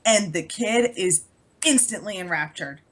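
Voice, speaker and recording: A young adult woman co-hosting a podcast, chatting casually and telling an animated story, swearing freely and acting out the dialogue. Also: mid-range voice, a little slow. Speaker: podcast co-host. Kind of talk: casual chat.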